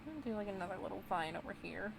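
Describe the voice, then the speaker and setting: A woman's voice: medium pitch, very fast, vocal fry, noisy background. A young woman streaming a game, chatting casually in a bubbly, giggly way. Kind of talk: casual gameplay chat.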